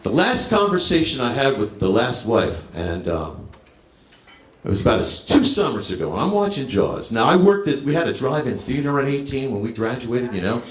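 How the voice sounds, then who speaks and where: Brash stand-up comic in an echoey bar. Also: male voice, mid-range voice, sing-song, moderate pace. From New Jersey. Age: 50s. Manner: brash, crowd-working, punchline timing. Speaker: stand-up comedian. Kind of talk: stand-up comedy set. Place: bar stage.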